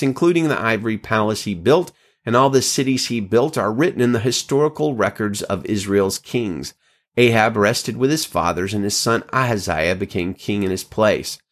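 A man reading scripture aloud at an unhurried pace, with occasional slips and self-corrections, lifting his pitch for quoted speech. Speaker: scripture reader.

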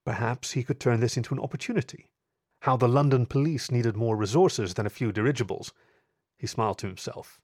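A man reading a story aloud in a calm, measured narration. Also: mid-range voice, no room sound, clean studio sound.

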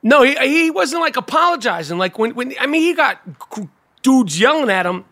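A man's voice: extremely high pitch, very animated, normal speed, bright, forceful tone, no echo, clean studio sound. A man co-hosting a podcast in casual chat, profane and full of stumbling restarts. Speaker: podcast co-host.

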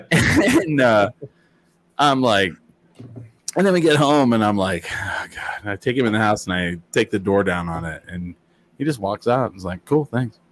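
A man's voice: lowish voice, very animated, unhurried, pauses often. A man telling a rambling, laughing story in casual chat, swearing freely.

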